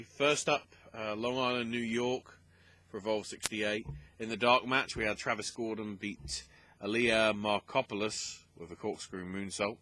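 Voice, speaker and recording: Bright-voiced man rambling through a recap. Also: on the low side. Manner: rambling with many fillers, asides and throat clearing. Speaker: wrestling podcast host. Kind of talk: casual results recap.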